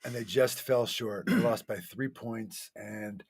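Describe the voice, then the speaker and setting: A man's voice: lowish voice, slow pace, creaky. A man co-hosting a casual chat show, stammering and defending himself against teasing. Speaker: podcast co-host.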